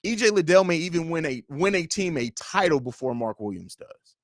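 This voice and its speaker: A man's voice: fairly high pitch, expressive, a little fast, no room sound, clean studio sound. Blunt, profane young male stream host. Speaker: livestream host. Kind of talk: casual livestream chat reading viewer comments.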